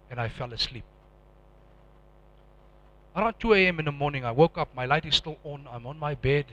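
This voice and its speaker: Intense preacher, bright voice. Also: male voice, a little high, no echo, low-quality recording. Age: middle-aged. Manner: emotional, swings from hushed to loud and intense. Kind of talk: personal testimony sermon.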